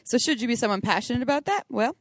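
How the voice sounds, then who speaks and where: A woman's voice: fairly high pitch, animated, fast, no room sound, studio quality. A woman co-hosting a podcast, speaking thoughtfully in casual chat and laughing easily. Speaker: podcast co-host.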